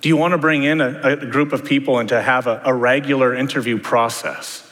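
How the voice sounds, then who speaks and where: A man's voice: medium pitch, fairly even intonation, fairly quick, a bit bright. A man preaching a sermon, talking to the congregation in a conversational way with many rhetorical questions. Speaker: pastor. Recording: long hall reverb.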